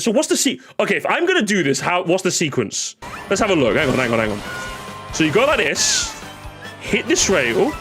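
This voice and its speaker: A male streamer reacting live to game replays, chatty and excitable, rambling with many restarts. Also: high-pitched.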